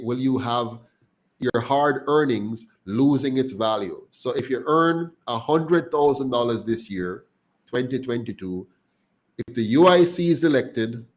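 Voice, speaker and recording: Heated Jamaican man making a political pitch. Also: low-quality recording. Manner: passionate, grows heated and emphatic. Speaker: party spokesman. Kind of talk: political talk show discussion.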